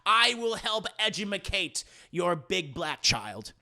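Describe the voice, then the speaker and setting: A man's voice: high voice, very animated, takes it slowly, gravelly, pushed and bright, full character voice. A man voicing a prim middle-aged female tutor who speaks in a stiff, formal, pompous way.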